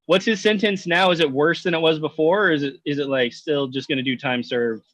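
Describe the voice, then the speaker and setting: A man's voice: a little high, fairly even intonation, fairly quick, a bit bright. Laughing man in casual podcast banter. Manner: laughing, swearing, jokey banter. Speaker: podcast co-host. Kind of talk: casual chat.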